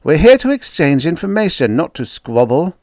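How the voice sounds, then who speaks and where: A man's voice: fairly high pitch, sing-song, normal speed, a little mellow, no echo, studio quality, voice pushed up. A man voicing a prim, fussy male scholar who chairs the meeting with precise, raised speech.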